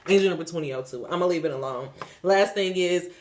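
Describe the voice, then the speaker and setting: A woman's voice: fairly low pitch, fast, a little mellow. Emphatic, swearing woman giving a spiritual tarot reading. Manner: emphatic, preachy, casual with swearing; repeats phrases for emphasis. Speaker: tarot reader.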